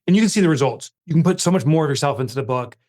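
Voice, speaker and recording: A guest author on a podcast interview tells a story animatedly, acting out his own reactions along the way. He speaks rapid-fire in a slightly high voice.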